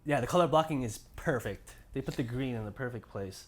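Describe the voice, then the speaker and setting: A man's voice: mid-range voice, animated, a little fast. A young man co-hosting a podcast, chatting casually and enthusiastically about shoes, with slangy phrasing and lots of restarts. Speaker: podcast co-host. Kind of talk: casual sneaker chat.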